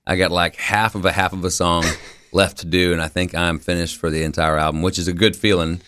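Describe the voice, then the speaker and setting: Radio guest: man, 30s, low voice, easygoing storyteller, lots of ums and laughs. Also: level tone, a little fast, fairly bright tone, clear, resonant tone. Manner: laid-back storytelling, laughs often, many fillers. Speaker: country singer guest. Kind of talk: radio interview.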